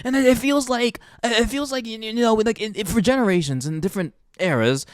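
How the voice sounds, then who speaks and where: A woman's voice: a little high, brisk, dry recording. A young adult woman hosting a podcast, delivering an impassioned monologue full of swearing and emphatic ranting. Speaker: podcast host.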